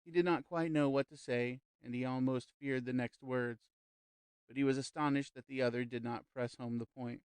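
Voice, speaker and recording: A male audiobook narrator reading a classic novel in a measured, even storytelling manner. His voice sits in a middle register, and the recording is close and dry. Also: medium pitch, smooth, no room sound. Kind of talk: scripted narration.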